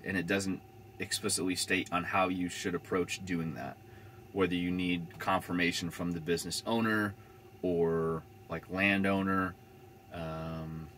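Laid-back rambling young man, bright voice. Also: deep voice, a little hiss or hum. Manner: rambling, laid-back, swears freely, many "like" fillers. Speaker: van-life vlogger. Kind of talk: casual storytelling to camera.

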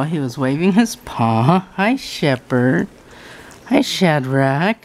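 A woman breeder introducing puppies one by one in slow, sing-song puppy talk. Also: rumbling low, a little mellow. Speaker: dog breeder. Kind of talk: casual vlog narration.

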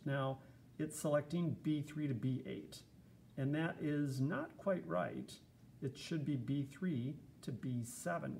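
Gravelly-voiced man teaching casually. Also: a little high, darkish tone, slight background noise. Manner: casual, chatty explaining with fillers. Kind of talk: screencast lesson.

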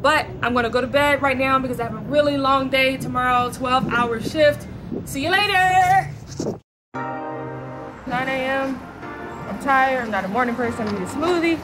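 A woman's voice: high voice, brisk. A woman musician talking casually to the camera in a vlog, playful and full of filler words. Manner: chatty, leans heavily on "like" fillers; playful, teasing. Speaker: musician and entertainer. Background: music playing.

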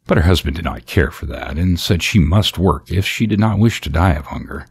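A man narrating a fairy tale in a gentle, measured way. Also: deep voice, expressive, gravelly, slightly rough. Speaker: storyteller.

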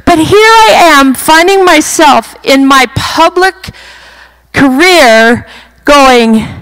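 A middle-aged woman gives a personal testimony at a retreat, acting out her own moments as she goes. Her voice sits high, and she takes her time with each phrase. Her storytelling is lively and heartfelt. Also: slow, low-quality recording. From western United States. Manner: animated storytelling, acts out her own panic. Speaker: retreat speaker.

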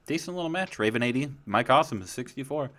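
Bright-toned man hosting a gaming chat. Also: medium pitch, expressive, fast. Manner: upbeat, prompting his co-host. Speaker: host. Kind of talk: casual gaming commentary.

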